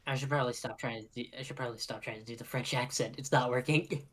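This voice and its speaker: A man's voice: medium pitch, fairly even intonation, fast, fairly bright tone. A man chats casually as a player in a tabletop role-play game. He mocks himself and laughs through his asides. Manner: self-mocking, laughing asides.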